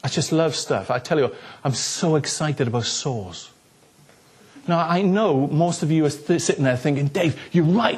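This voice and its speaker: A middle-aged man, a pastor, telling a story in a sermon and acting out the dialogue with animated, comic excitement. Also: sits high, unhurried, slightly rough.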